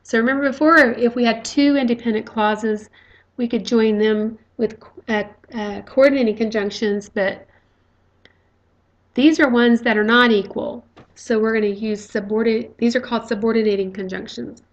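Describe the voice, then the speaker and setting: Woman teacher going over grammar, bit high voice, patient, lots of okays and uhs. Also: steady tone, normal speed, muffled recording. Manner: patient, explains step by step with frequent "okay" and "uh". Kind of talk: recorded grammar lecture.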